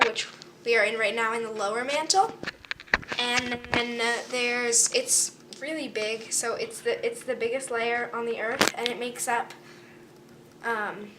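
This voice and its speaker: A teenage girl narrating an amateur school skit as an explorer, halting with many fillers while reciting facts. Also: a little high, distant mic, background noise. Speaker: student explorer presenting a school project. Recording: music playing over the voice.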